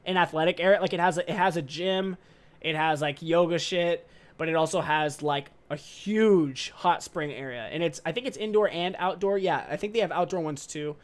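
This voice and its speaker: Rambling young man, slightly high voice. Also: normal speed. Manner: rambling, loose and slangy with casual swearing; excitable, upbeat. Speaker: podcast host. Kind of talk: casual podcast monologue.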